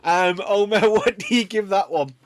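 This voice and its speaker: A man's voice: high-pitched, moderate pace. A man hosting a casual podcast, rambling and joking as he tells stories. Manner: rambling, jokey, lively storytelling. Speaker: podcast host.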